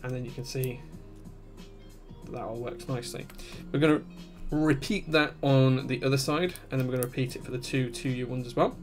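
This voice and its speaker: A man's voice: medium pitch, fairly even intonation, brisk, soft background music. A man, hosting a live stream where he walks through a build step by step and answers chat. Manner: methodical step-by-step explaining, reading chat aloud.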